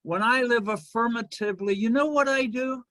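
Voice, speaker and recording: A man delivering a sermon as minister, in a slow, measured preaching manner with pauses. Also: extremely high pitch, bright, forceful tone, no echo.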